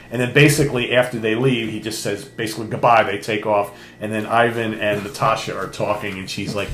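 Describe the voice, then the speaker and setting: A man's voice: on the low side, fairly quick, hardly any pauses, a bit bright. An older man co-hosting a casual chat, retelling a comic book story and acting out the characters' lines. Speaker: podcast co-host. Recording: echoey room with faint hum.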